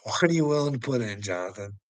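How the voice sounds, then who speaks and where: A man's voice: medium pitch, animated, fast talker, dry recording, low-quality recording. A man hosting a casual livestream, ranting profanely and rambling, laughing often as he talks. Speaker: livestream host.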